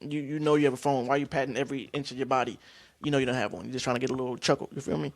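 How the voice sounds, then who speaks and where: A young man hosting a podcast, casually telling stories about acting class, slangy and animated. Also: medium pitch, rapid-fire, creaky, no echo, studio quality. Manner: animated, acts out scene lines, slangy. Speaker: podcast host.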